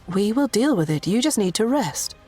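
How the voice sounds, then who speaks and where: A woman doing a gentle, gracious young princess. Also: medium pitch, big pitch swings, moderate pace, husky, faint music behind, voice pushed up. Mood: soothing. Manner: polite, soothing.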